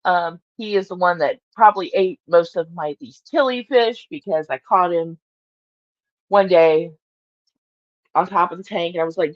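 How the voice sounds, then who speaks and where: A woman's voice: fairly low pitch, normal speed, no room sound, highs cut off. A woman hosting a casual morning livestream from her bedroom, rambling, laughing often and talking to her cat. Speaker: livestream host.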